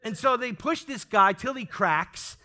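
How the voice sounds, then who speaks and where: Animated preacher, high bright man's voice. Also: a little slow. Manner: animated, calls for amens, acts out quoted lines. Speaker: pastor. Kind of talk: sermon. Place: church sanctuary with congregation.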